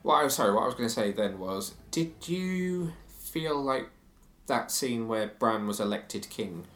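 A man's voice: mid-range voice, lively intonation, unhurried, fairly bright tone, soft background music. Chatty man in an echoey room. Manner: chatty, opinionated, reads quotes aloud. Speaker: podcast co-host. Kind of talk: casual TV review chat.

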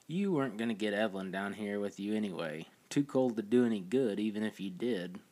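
A man's voice: on the low side, brisk, darkish tone, close to an everyday voice. A male narrator voicing a goofy, brash young cowboy in an audiobook, with a loose, joking delivery. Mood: nonchalant.

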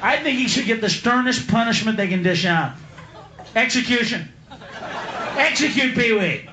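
A man doing a profane, rowdy live stand-up routine, yelling his punchlines. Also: sits high, moderate pace, background noise. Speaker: stand-up comedian. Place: comedy club stage. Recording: echoey live club, loud crowd.

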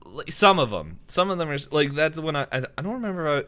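A man's voice: fairly high pitch, big pitch swings, fast, bright, forceful tone. A young man hosting a casual podcast chat, rambling with lots of fillers and frequent laughs. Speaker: podcast host.

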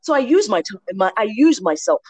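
Telling her faith testimony as a guest, a Nigerian woman in her 40s speaks a little fast in a husky, mid-range voice. She animatedly acts out the quoted voices of people in her story, captured in lo-fi sound with no echo.

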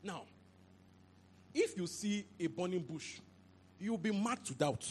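Animated high-pitched preaching man. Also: slow pace, a little hiss or hum. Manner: animated, repeats phrases, asks "you understand?". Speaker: pastor. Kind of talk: sermon. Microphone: handheld mic.

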